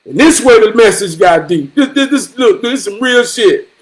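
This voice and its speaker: A man telling a family story in a profane, animated storytelling vlog, swearing freely. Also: high voice, moderate pace, poor audio. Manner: animated, swearing freely, repeating himself for emphasis. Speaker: vlogger.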